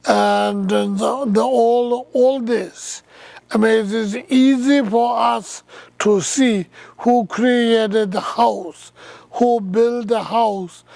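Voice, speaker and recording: A man giving a slow, halting dharma talk as a Buddhist teacher, with thoughtful pauses and non-native English phrasing. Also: sits high, vocal fry, a little mellow, dry recording.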